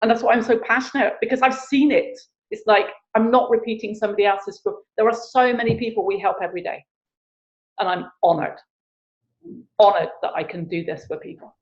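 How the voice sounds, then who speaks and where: A woman's voice: on the high side, brisk. A woman, telling a story with energy and acting out the voices of the people in it. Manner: lively, acts out quoted voices. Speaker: wellness practitioner. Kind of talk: animated storytelling. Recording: dull lo-fi sound.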